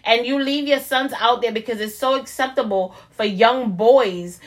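High-voiced, outspoken young woman co-host. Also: moderate pace. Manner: outspoken, preachy and joking. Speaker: podcast co-host. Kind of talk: casual chat.

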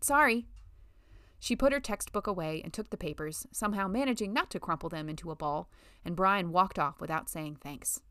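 A woman reading a novel as an audiobook narrator, in a measured storytelling manner. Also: lowish voice, a bit bright, dry recording, studio quality. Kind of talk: scripted narration.

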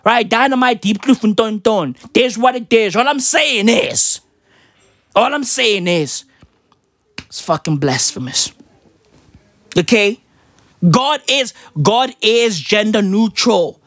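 A woman delivering a profane comedic rant, firing off rapid rhetorical questions and swinging between low mutters and high squeals. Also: animated, no echo.

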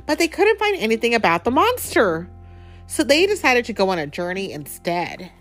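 A woman reads a picture book aloud at home to a child, her voice rising and falling with lively movement. She stops often to chat and ask questions. Faint music plays in the background. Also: fairly high pitch, normal speed. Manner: chatty, asks the child questions. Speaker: parent reading to a child.

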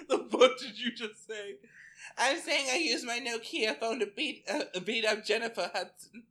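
A man's voice: extremely high pitch, a little slow, sharp tone. A man co-hosting a podcast in casual chat, giggly and profane, often breaking into laughter. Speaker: podcast co-host.

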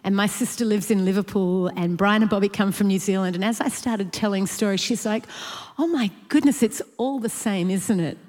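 A woman telling a lively personal story in a church talk, animated and laughing between lines. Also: medium pitch, brisk, few pauses, long reverb tail. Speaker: church speaker sharing a story.

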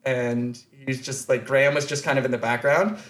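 A man's voice: medium pitch, steady tone, fairly quick, fairly bright tone. A man telling a long, rambling story on a podcast, full of restarts and fillers. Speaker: podcast host. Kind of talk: casual storytelling chat.

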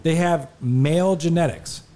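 A man with a fairly high voice joins a podcast chat. He argues bluntly and matter-of-factly. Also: a little slow, warm tone. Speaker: podcast guest. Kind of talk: casual chat.

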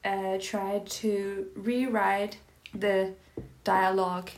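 A woman's voice: medium pitch, little pitch movement, extremely slow. A woman co-hosting a podcast in casual chat, giggly and full of fillers. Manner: giggly, chatty, many fillers like "like" and "uh". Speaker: podcast co-host.

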